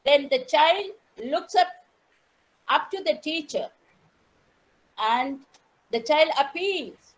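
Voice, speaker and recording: A woman with an Indian English accent giving an online lecture, telling a story slowly and putting questions to her audience. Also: sits high, lively intonation, rough recording. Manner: measured, repeats phrases, asks the audience questions. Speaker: teacher educator giving an online talk.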